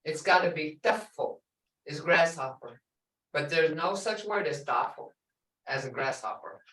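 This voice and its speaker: An older woman teaching a language class, slowly saying words and repeating them so students can hear each sound. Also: sits low, a bit bright, distant mic. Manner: slow, repeats each word to drill pronunciation. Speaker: language instructor. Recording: echoey room, voice from off the mic.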